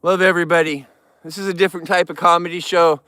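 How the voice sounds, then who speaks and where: A man's voice: high voice, flat delivery, fast talker, sharp tone, clear, resonant tone, no room sound. A man hosting a casual live vlog outdoors, talking straight to viewers in an upbeat, rambling way. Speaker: outdoor livestream host. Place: outdoors in the wild.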